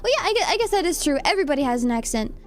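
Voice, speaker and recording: A young woman with a Californian accent chats casually with her viewers as a streamer. Her voice sits high and light, and she talks in a giggly, playful, self-deprecating way. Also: sing-song, racing. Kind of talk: casual chat reading live comments.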